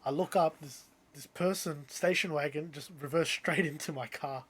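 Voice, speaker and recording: Young aussie guy on a podcast, bit higher voice, rambling story full of likes and ums. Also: breathy edge. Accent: Australian. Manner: animated, quick to act out the people in his story, many "like"s and "um"s. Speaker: podcast co-host. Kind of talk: casual storytelling chat.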